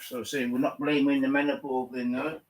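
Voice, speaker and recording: A man's voice: mid-range voice, level tone, moderate pace, far from the mic, slight background noise, poor audio. A man hosting a casual livestream, rambling through slangy gossip. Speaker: livestream host.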